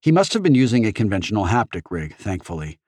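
A man narrating an audiobook in the first person with expressive storytelling. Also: on the low side, quick pace, slightly rough, no echo.

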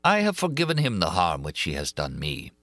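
A man voicing a grave, secretive older foreign man in an audiobook, speaking slowly and solemnly. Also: low voice, wildly swooping pitch, a bit bright, no room sound, studio quality, full character voice. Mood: sad.

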